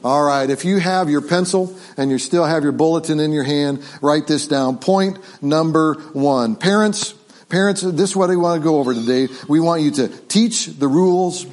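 Lively pastor leading a family sermon. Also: male voice, fairly high pitch, moderate pace. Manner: lively, interactive, coaching the congregation. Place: church sanctuary.

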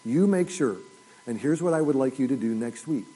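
A man preaching a sermon as pastor, telling stories in a folksy way and dropping to soft, intense lows. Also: animated, brisk, husky, low-quality recording. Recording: audio recording of a church sermon.

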